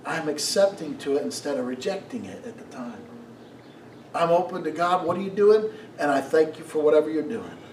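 A middle-aged male pastor preaches a sermon in a fairly high voice, a little fast, animated and full of stories, often asking the congregation questions. He's recorded from a distance in an echoey church sanctuary, with a faint hiss in the background.

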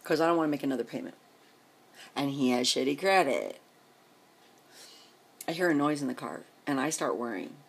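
Husky, exasperated woman ranting. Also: sits low. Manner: exasperated, rhetorical questions, repeats herself. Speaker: vlogger. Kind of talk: emotional rant to camera.

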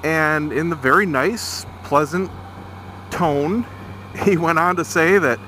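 A middle-aged man telling a story on a casual vlog while riding a motorcycle through town traffic, irritated but measured. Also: fairly high pitch, sharp tone. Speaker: motovlogger.

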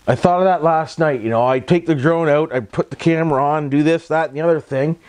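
Brisk and on the high side, this man's voice is a little mellow, clear, and resonant. The Canadian-accented vlogger records a casual voice-over on a mic, folksy and meandering, with lots of catchphrases and tag questions.

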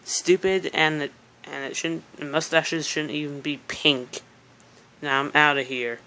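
A woman's voice: sits low, fairly even intonation, unhurried, pushed and bright, voice pushed down, exaggerated voice. A woman voicing an exasperated young female interviewee, indignant and complaining in a comedic parody. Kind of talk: comedic parody role-play.

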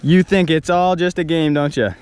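A man's voice: a little high, fairly even intonation, moderate pace. A young man vlogging casually while riding a dirt bike outdoors, exclaiming and swearing as he goes. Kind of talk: casual vlog chatter. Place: outdoors on a road, riding a motorcycle. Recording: loud engine and road noise outdoors.

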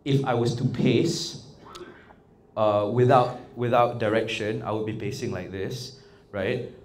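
A man leading an interactive workshop, talking in an animated, coaxing way and often checking in with the audience. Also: medium pitch, a little slow, slight background noise. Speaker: workshop trainer. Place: indoor workshop room. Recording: echoey room with faint ambience.

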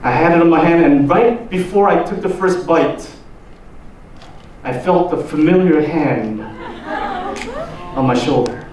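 A pastor with a Korean accent giving a slow sermon, asking the congregation drawn-out questions. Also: male voice, fairly high pitch, a little mellow. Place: church hall. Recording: roomy echo, distant mic, faint noise.

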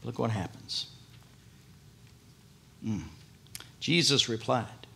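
Slow, bright-voiced male preacher. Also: mid-range voice, creaky. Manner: animated, swings between loud emphasis and hushed earnestness. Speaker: pastor. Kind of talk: sermon.

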